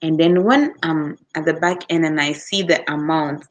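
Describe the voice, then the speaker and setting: A woman with a Ghanaian English accent, chatting casually with her viewers. She tells her stories with a lot of life and slips into the voices of the people in them. Her voice sits a little low. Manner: animated storytelling, acts out customers with quick voice switches and laughter. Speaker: customer service worker, vlogger. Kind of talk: casual chat answering viewer comments.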